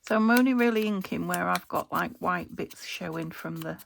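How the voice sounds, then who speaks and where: A British woman crafting a journal, talking to herself as she works and often trailing into soft half-whispers. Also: on the low side, normal speed, creaky, a little hiss or hum. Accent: British English. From United Kingdom. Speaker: craft channel host. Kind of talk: casual crafting commentary.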